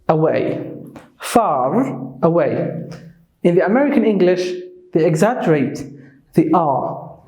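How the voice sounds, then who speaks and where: High-voiced man teaching English pronunciation. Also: dark tone, echoey room, rough recording. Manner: switches between English and Somali, slows to model words. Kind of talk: bilingual language lesson.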